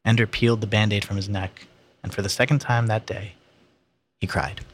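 Casual male reader, low voice, unpolished read-aloud. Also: steady tone, normal speed, slight background noise. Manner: plain, unpolished, with slips and asides. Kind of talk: casual reading of a novel aloud.

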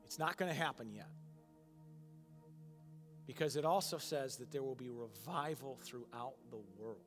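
A male pastor preaching a sermon, moving from quiet, emotional passages to loud, emphatic ones. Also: medium pitch, normal speed, faint music behind. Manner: emotional, swings from soft and hushed to loud and emphatic.

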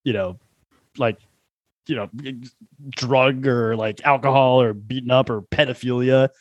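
A man's voice: medium pitch, steady tone, unhurried, no room sound, highs cut off. Rambling man, dry close sound. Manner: rambling storyteller, heavy on "like" fillers, laughs at own jokes. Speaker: podcast guest. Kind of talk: casual chat.

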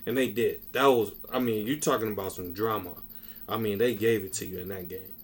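A man co-hosting a casual wrestling podcast, ranting in an animated, profane and excitable way. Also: lowish voice, fairly quick, slightly rough. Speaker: podcast co-host.

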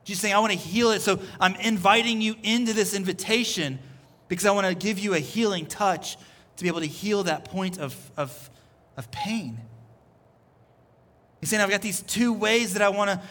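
A man's voice: sits high, normal speed, a bit bright. A man preaching a sermon as pastor, earnest and repeating his phrases as he builds each point. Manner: earnest, repeats phrases, voices Jesus in quotes. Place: church service.

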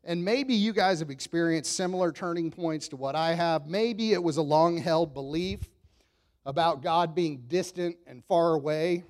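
A man in his thirties delivers a sermon in an easy, conversational tone. His voice sits a touch high, and he tells stories with self-deprecating humor and frequent chuckles. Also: a little mellow. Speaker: pastor.

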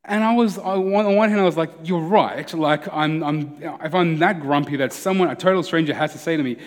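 A man's voice: fairly high pitch, a little fast, long reverb tail. A man preaching a sermon as a pastor, conversational and earnest, often restarting his sentences.

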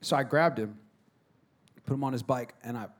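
A man, preaching a sermon and telling stories, shifting between hushed, soft moments and loud exhorting. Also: mid-range voice, moderate pace. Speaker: pastor.

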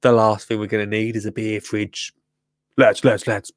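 A man's voice: on the low side, level tone, normal speed, no echo, clean studio sound. A man with an English accent hosting a live show, chatting casually with a jokey, rambling manner. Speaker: show host.

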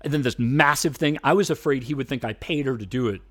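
Animated middle-aged man telling stories. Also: medium pitch, fast. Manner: animated storyteller, acts out voices. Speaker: speech and debate coach. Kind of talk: storytelling interview.

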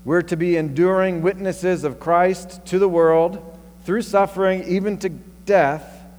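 A male pastor preaching a sermon in a conversational way, thinking aloud and asking rhetorical questions. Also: fairly high pitch. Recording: long reverb and faint mains hum.

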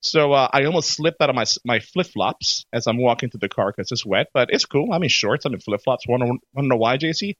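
Animated man telling stories. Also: medium pitch, a little fast, hardly any pauses, no echo, highs cut off. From Florida. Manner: animated storyteller, laughs often. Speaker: podcast co-host. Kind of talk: casual chat.

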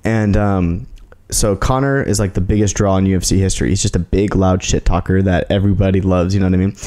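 Young male podcast host, rambling casual delivery, low and mellow. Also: steady tone, fast. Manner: loose, rambling, lots of fillers. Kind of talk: casual chat.

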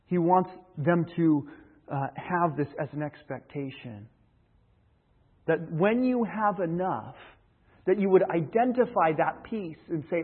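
A man's voice: a little high, unhurried, husky. A man preaching a Bible-teaching sermon in a conversational, explanatory way. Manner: conversational, explains by retelling a fable. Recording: tinny phone-like line.

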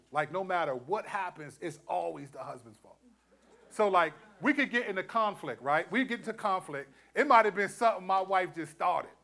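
A middle-aged man preaching, an animated storyteller who acts out quotes and laughs often. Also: a little high. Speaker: pastor. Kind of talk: sermon teaching.

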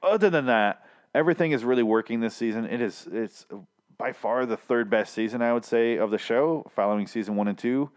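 A man's voice: mid-range voice, a little fast, clear, resonant tone. A young man casually recapping a TV episode, swearing freely and acting out the characters' lines. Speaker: TV recap vlogger.

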